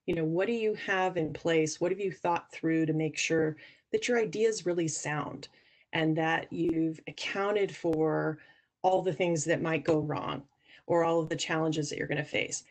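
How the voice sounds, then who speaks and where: A woman's voice: sits low, fairly even intonation, measured pace. A woman guest on a podcast, explaining earnestly how investors judge founders, often restarting her sentences. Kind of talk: podcast interview answers.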